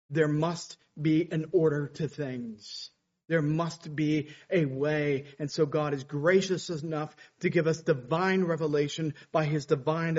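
A man's voice: a little high, a little mellow, muffled recording. A man preaching a sermon, explaining scripture and reading Bible quotes with rising intensity.

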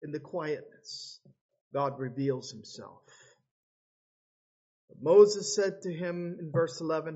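A man's voice: on the high side, takes it slowly, pauses often, darkish tone, husky, dull audio. A man preaching a sermon, dramatically acting out the voices of biblical figures as he tells the story. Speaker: pastor.

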